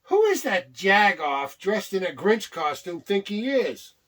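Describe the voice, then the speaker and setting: Boisterous older man, lively high voice. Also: unhurried. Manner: boisterous, teasing, shouts to rile others. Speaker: wrestling manager and co-host. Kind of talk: casual wrestling talk show banter.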